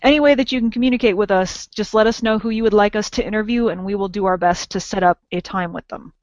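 Woman podcast host from Southern California, chatty, long drawn-out vowels, dry close sound. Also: medium pitch, darkish tone, dry recording. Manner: chatty, laughs often, elongated vowels. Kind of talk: casual podcast chat. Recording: dull lo-fi dry audio.

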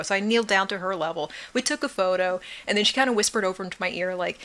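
A woman co-hosting a casual chat, bubbly and quick to laugh. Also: medium pitch, a bit bright. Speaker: podcast co-host. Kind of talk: casual chat about cosplay.

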